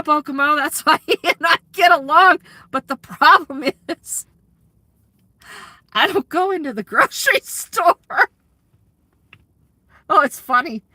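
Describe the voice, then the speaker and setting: A woman's voice: fairly high pitch, sharp tone, dry recording. A woman chatting candidly to her live audience, laughing often and swearing freely. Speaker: livestreamer and community aid organizer. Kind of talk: casual chat to a live audience.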